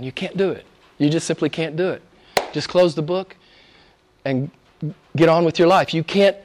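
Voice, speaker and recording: A man preaching a sermon, rising to loud, high emphatic peaks and dropping to hushed near-whispers, with rhetorical questions and repetition. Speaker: pastor.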